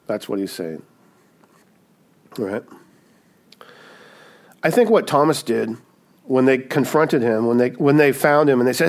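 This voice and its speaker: A man's voice: mid-range voice, expressive, a little slow, pauses often, darkish tone. A man preaching a sermon as a pastor, in a conversational way, often tagging "right?" and adding light humorous asides.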